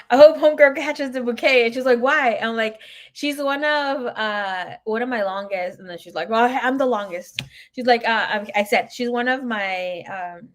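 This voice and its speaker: A woman giving a casual live tarot reading, chatting and telling stories to viewers she calls by name. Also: on the high side. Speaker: tarot reader.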